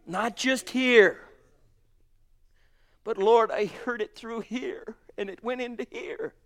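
Fervent male preacher, high bright voice, slow measured delivery that surges loud and drops to a hush. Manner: swings between booming exclamations and hushed murmurs; fervent, calls listeners honey and sweetheart. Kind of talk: sermon.

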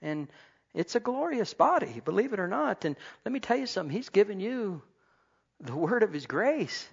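A man preaching a sermon to his congregation, swinging between loud exclamations and soft asides. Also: sits high, very animated, moderate pace, vocal fry, slightly rough. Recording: dull lo-fi recording.

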